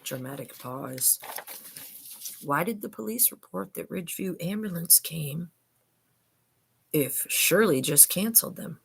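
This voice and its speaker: Chatty older woman vlogger, lowish voice. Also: expressive, measured pace, vocal fry, long pauses, slight background noise. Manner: chatty, emphatic, addresses viewers as "you guys". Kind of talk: casual commentary on case documents.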